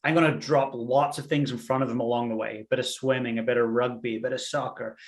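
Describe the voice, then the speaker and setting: A man's voice: mid-range voice, fairly even intonation, fast talker. A man from Ireland, a podcast guest talking earnestly and thoughtfully. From Northern Ireland. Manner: reflective, earnest, hesitant fillers. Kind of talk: conversational interview.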